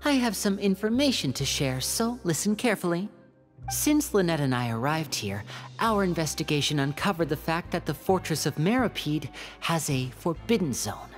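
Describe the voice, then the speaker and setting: A voice actor playing a composed young male investigator giving a measured briefing, in video game voice acting. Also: sits low, sing-song, soft background music.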